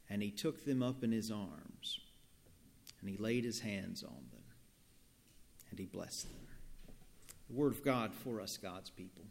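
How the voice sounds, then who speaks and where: A male pastor reading scripture and telling a story in a sermon, in a gentle, deliberate manner, in a church. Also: medium pitch, gravelly. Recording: long church reverb.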